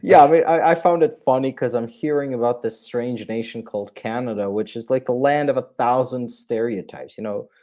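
A man's voice: mid-range voice, fairly quick, few pauses, mellow. A man in casual chat, mostly chiming in briefly and laughing along.

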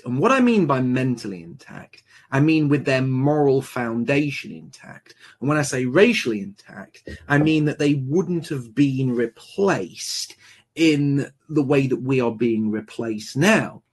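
A man hosting a book discussion, speaking deliberately and building his points with emphasis. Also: medium pitch, husky.

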